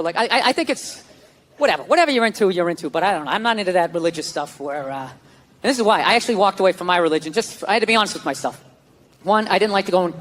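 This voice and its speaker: A man with a high voice performs stand-up comedy in a large theater, animatedly telling stories and acting out his inner voice. There's a little hiss or hum, plus live theater reverb and a faint audience.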